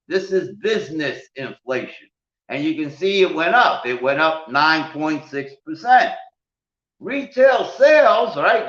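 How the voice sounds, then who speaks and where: A man's voice: a little high, a bit bright. A man hosting a televised finance lesson, speaking emphatically and addressing his audience directly. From United States. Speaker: finance show host and teacher. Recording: roomy, dull lo-fi sound.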